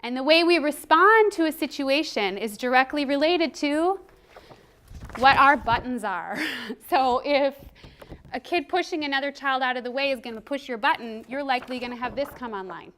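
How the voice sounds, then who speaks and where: A woman in her thirties giving a workshop presentation as a trainer, animated and quick to laugh. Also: high voice, slight background noise. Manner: animated, laughs often, acts out quoted voices. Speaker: parenting and behavior trainer.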